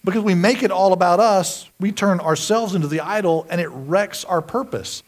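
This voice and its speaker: High-voiced pastor preaching. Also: male voice, moderate pace. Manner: animated, self-mocking storytelling with sudden shouted outbursts. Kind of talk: sermon.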